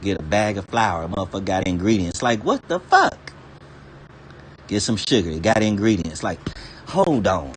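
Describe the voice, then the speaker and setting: This streamer has a low voice and a brisk delivery, recorded with a slight hiss or hum. He rants casually and profanely, swearing all the time, laughing occasionally, and digressing freely as he rambles from subject to subject.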